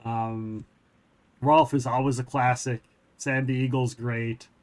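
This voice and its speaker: A man's voice: medium pitch, little pitch movement, slow pace. Rambling middle-aged man streaming. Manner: rambling, hesitant, many fillers. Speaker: streamer host. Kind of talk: casual gaming stream chat.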